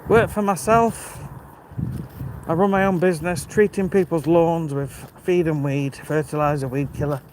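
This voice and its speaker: A British man in his fifties, with a notably high voice, chats casually at normal speed on a livestream while walking uphill on a rural outdoor route, a bit out of breath. His phone mic gives a rough recording with steady wind and outdoor noise behind him as he greets viewers by name and answers their comments.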